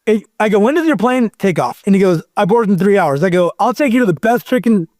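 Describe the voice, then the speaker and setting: High-voiced rambling storyteller man. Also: fast talker, dry recording, studio quality. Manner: rambling, animated storyteller who acts out quotes. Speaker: podcast guest. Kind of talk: casual storytelling chat.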